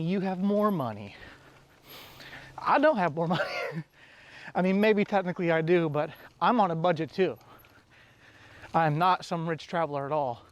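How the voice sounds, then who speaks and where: A man from the United States talking casually to camera outdoors, rambling and correcting himself, a little out of breath. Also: a little high. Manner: rambling, self-correcting, with light laughs. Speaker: travel vlogger. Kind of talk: casual vlog talk.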